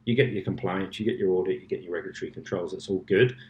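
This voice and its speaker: A man's voice: deep voice, fairly even intonation, racing, darkish tone, dull audio. A man as a guest in a casual interview chat, speaking confidently in short, punchy phrases. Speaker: guest executive. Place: conference venue. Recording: roomy echo.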